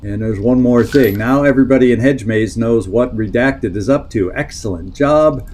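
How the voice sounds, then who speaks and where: A man's voice: medium pitch, normal speed, a little mellow, slight background noise. A man streaming a strategy game, thinking aloud, reading in-game text and answering chat as he plays. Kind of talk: live-stream gameplay commentary.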